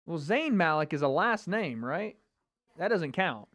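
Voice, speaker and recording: A man's voice: a little high, very animated, a little slow, a bit bright, no echo. A man hosting a casual livestream watch party, chatting and reacting to viewer comments. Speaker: livestream host.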